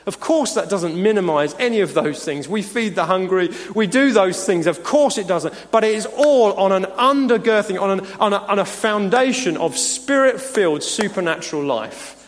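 Male pastor, emphatic sermon delivery, lively pitch, long church-hall reverb. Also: moderate pace, few pauses. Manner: earnest, emphatic preaching with chuckles.

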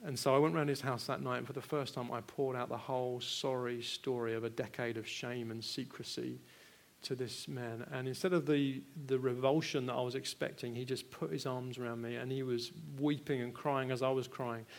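A British man preaching a sermon in an earnest way, moving from hushed personal storytelling to loud, pressing rhetorical questions and repeating words when stirred. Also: mid-range voice, little pitch movement, normal speed, gravelly.

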